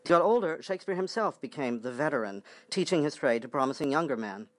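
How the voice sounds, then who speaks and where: A man reading a scripted narration in a steady, explanatory way. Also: fairly high pitch, fast talker, slight background noise.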